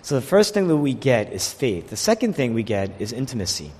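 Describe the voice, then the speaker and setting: A man preaching a sermon, delivering it in an animated way and voicing the people he quotes. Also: medium pitch, brisk, breathy edge. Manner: animated preaching, quotes figures in voiced asides. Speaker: pastor. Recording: long hall reverb.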